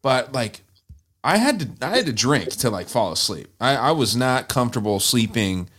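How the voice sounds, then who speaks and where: A man's voice: medium pitch, sing-song, normal speed, a bit bright. A young man co-hosting a podcast, talking in a loose, rambling way and swearing freely. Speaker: podcast co-host. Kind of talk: casual chat.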